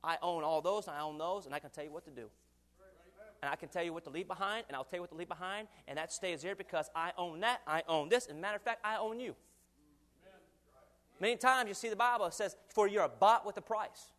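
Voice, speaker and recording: Young man, preacher, high voice, lively sermon delivery, chuckles between points. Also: quick pace. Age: 20s. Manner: animated, acts out quoted voices, chuckles often.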